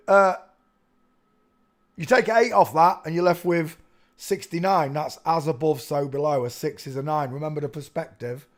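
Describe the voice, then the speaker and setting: A man's voice: a little high, a little mellow. A man giving rambling casual commentary while reviewing a video. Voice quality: rambling, musing, with frequent restarts and asides.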